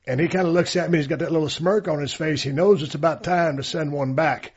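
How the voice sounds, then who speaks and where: A man's voice: on the high side, quick pace, slightly rough. A man telling a story in casual chat, in a laid-back, drawling way. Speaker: podcast co-host. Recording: dull lo-fi sound.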